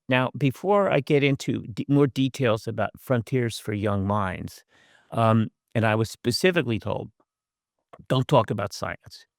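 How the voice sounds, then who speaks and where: A man's voice: lowish voice, creaky, dry recording, clean studio sound. An older man and professor giving a conversational lecture over a video call, with wry asides and frequent fillers. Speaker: guest speaker, professor.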